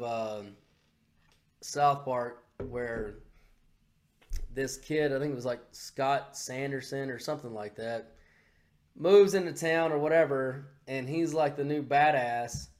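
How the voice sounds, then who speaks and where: A man hosting a podcast, telling a story in a rambling, animated way with lots of swearing. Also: medium pitch, unhurried. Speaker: podcast host. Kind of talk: casual profane chat.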